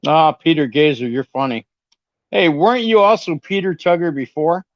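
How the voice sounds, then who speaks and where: A man's voice: on the high side, moderate pace, dry recording. A man from California on a casual livestream chat, defensive and defiant, plain-spoken with some swearing. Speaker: guest on a livestream. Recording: dry, dull lo-fi stream audio.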